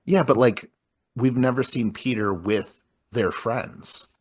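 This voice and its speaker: A man's voice: medium pitch, takes it slowly, husky. A man talking casually through a film's scenes, rambling with many filler words as he recaps the plot. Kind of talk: casual film discussion.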